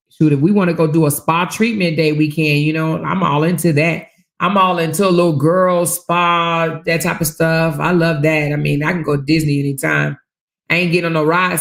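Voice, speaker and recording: A woman hosts a casual livestream, talking straight to her viewers and reading out their comments. Her voice has a gravelly edge, and she gets loud and animated when she tells a story, swearing freely as she goes. The sound is a bit roomy and echoey. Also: sits low. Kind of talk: casual chat.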